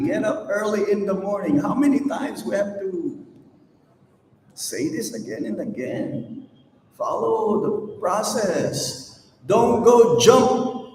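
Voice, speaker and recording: A man giving a slow, emphatic devotional sermon to an audience, with rhetorical questions. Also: sits high, a little mellow, a little hiss or hum. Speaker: swami giving a lecture. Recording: echoey hall, mic at a distance.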